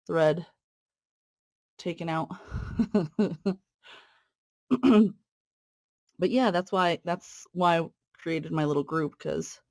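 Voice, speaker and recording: A woman talks casually to her viewers while she works on a cross-stitch piece. Her talk is friendly and rambling, full of fillers and asides. Now and then she pauses mid-thought as she threads and pulls stitches. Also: lowish voice, darkish tone. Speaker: cross-stitch video host. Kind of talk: casual stitch-along chat.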